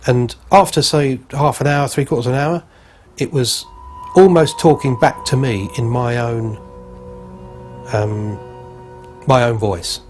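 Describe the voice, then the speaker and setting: A man's voice: medium pitch, a little slow, pauses often, darkish tone, faint music behind. A man with a London accent, giving a rambling, earnest first-person account as a witness. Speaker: UFO witness.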